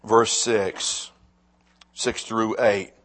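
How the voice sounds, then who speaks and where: A man preaching a sermon, reading scripture slowly and with emphasis, with quick spoken asides to the congregation. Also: lowish voice, little pitch movement, fairly bright tone. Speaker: pastor.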